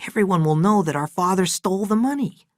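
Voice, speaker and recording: A man's voice: sits high, fast talker, dry recording, clean studio sound, pitched above the performer's own voice, natural voice. A man voicing an anxious, troubled grown brother, speaking in a raised, strained and emphatic way.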